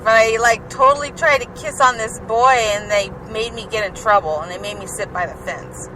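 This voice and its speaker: A woman's voice: fairly high pitch, moderate pace. A woman telling rambling personal stories in a chatty way, full of "like" and "um", while she drives. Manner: chatty, filler-heavy with frequent "like" and "um". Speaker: podcast host. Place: inside a moving car. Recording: car road noise behind voice. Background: car and traffic noise.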